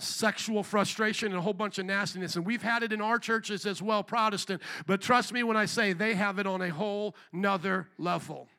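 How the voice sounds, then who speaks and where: Male pastor, very high, bright and forceful voice, preaching with pointed rhetorical questions. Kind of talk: sermon.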